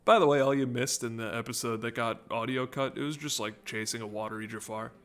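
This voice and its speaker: With a clean, mid-range voice and a steady tone, a gaming commentator moves briskly through a let's-play. His talk is rambling and jokey, and he often cuts himself off.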